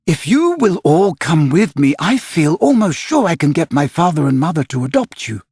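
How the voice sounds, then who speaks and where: A man voicing a gentle, motherly young girl. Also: on the high side, sing-song, moderate pace, breathy edge, dry recording, studio quality, voice pushed up, heavily acted. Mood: eager. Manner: gentle, coaxing, earnest.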